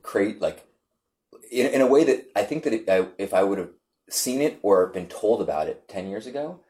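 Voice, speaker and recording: A man on a podcast telling a story with animated, halting delivery and repeated words. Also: fairly low pitch. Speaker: podcast guest. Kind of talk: casual chat, storytelling.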